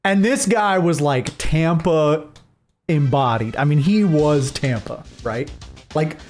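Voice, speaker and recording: A man's voice: on the high side, slow pace, a little mellow, faint music behind. A young man streaming a game, telling a rambling story with many restarts and fillers. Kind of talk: casual storytelling while gaming.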